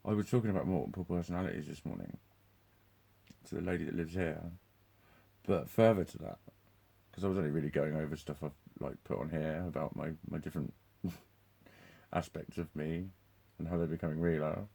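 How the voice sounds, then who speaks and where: Male vlogger with a deep, warm voice, loose and profane, breaks into laughs. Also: a little fast, creaky, slightly rough. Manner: swears constantly, laughs often, restarts sentences. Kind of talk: rambling live monologue.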